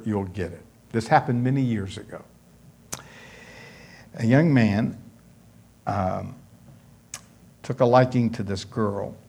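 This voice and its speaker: A male pastor preaching a sermon in a measured storytelling way. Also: fairly low pitch, vocal fry, darkish tone, husky.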